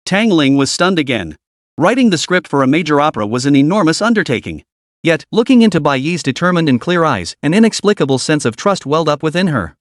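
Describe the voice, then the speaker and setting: A man narrating a web novel in an expressive storytelling style. His voice sits a little high and swings widely in pitch. The recording is dry and close. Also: fairly quick, dry recording.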